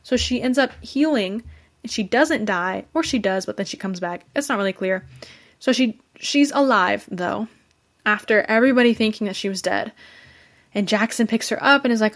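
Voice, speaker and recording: A young woman hosting a podcast, giving an excited, chatty recap of a fantasy book with lots of fillers and restarts. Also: mid-range voice, moderate pace. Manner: gushing, enthusiastic, fangirling. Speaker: podcast host. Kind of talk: casual book review recap.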